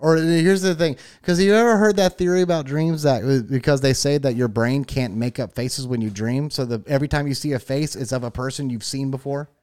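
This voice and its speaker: A man's voice: mid-range voice, steady tone, brisk, hardly any pauses, a little mellow, clear, resonant tone. A man with a mid-range voice, co-hosting a casual podcast. He jokes and swears through easygoing banter. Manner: joking, profane banter. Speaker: podcast co-host. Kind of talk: casual chat.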